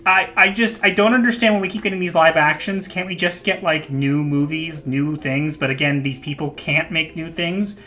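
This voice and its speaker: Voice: mid-range voice, normal speed, hardly any pauses, sharp tone, faint music behind. A podcast host chatting casually, opinionated and laughing often. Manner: opinionated, laughs often, jokey put-on voices. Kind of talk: casual chat.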